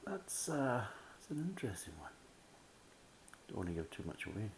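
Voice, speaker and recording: A man's voice: on the low side, sing-song, moderate pace, slight background noise. A man giving a casual, methodical beer tasting review, full of "kind of" fillers.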